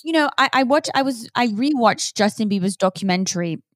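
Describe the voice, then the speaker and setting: A woman's voice: a little high, expressive, a little fast, no echo. Blunt, swearing young woman, dry sound. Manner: blunt, judgy, heavy swearing. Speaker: podcast co-host. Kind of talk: casual celebrity gossip chat.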